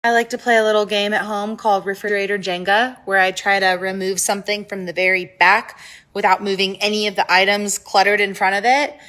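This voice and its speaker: A woman delivering a short comic monologue with wry, deadpan humor. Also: medium pitch, fairly quick.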